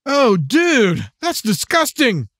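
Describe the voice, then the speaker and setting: A man's voice: very high voice, wildly swooping pitch, takes it slowly, a bit bright, no echo, studio quality, voice pushed up, exaggerated voice. A man voicing an anxious young man on the run, tense and urgent. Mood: queasy.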